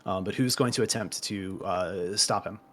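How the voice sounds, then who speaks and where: A man running a tabletop game as game master, narrating in a low-key, hesitant way with many pauses. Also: fairly bright tone.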